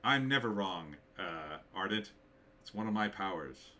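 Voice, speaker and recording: A man's voice: sits low, expressive, unhurried, bright, forceful tone. A man hosting a live stream, reading viewer comments aloud and answering them with blunt, dismissive opinions and many fillers.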